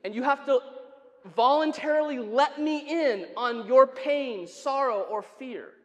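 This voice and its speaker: Pastor preaching in a reverberant church. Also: male voice, very high-pitched, measured pace, lo-fi sound. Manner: conversational, asks the congregation questions, wry asides. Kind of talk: sermon. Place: church sanctuary.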